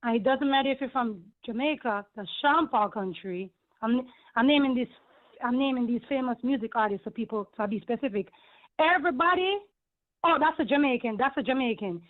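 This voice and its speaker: A woman with a Caribbean accent calls in over a tinny phone line and holds forth at length. She is emphatic and indignant, and her high voice rambles from point to point. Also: fairly quick. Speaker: caller. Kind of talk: call-in radio rant. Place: home in New York.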